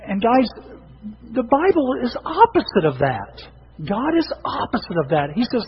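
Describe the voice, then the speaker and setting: A man preaching a sermon as pastor, animated, often repeating and restarting his words. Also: sits high, normal speed, a little hiss or hum. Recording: dull lo-fi sound with long hall reverb.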